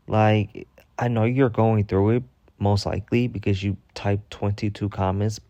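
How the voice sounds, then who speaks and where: Low-voiced man ranting a storytime. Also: a little slow, no room sound, dull audio. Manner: heated, profane, animated venting. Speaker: storytime vlogger.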